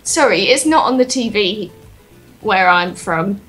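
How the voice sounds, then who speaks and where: A woman's voice: mid-range voice, lively intonation, a little slow, a bit bright, soft background music. A woman from England with an English accent, co-hosting a casual let's-play in a dry, teasing, sarcastic way. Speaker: co-host.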